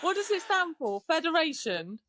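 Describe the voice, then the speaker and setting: A woman's voice: extremely high pitch, very animated, normal speed, fairly bright tone, dry recording. A British woman guesting on a podcast, chatty and self-mocking in casual talk.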